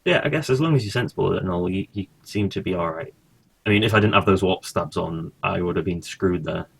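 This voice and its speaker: A man's voice: low-pitched, fairly quick, creaky, husky. A man casually commentating his own gameplay, thinking aloud and swearing now and then. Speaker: gaming streamer.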